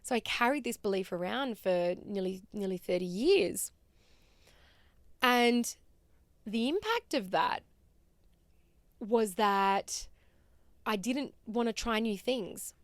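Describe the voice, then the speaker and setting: A woman in her thirties with an Australian accent, hosting a podcast and telling a personal story in a chatty, animated way with fillers. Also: medium pitch, slow, long pauses, no room sound. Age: 30s. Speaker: podcast host.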